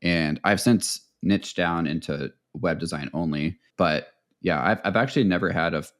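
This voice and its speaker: A man's voice: deep voice, moderate pace. A man speaking as a podcast guest, chatting casually and enthusiastically in long, run-on answers. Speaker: podcast guest, web designer. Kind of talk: casual interview chat.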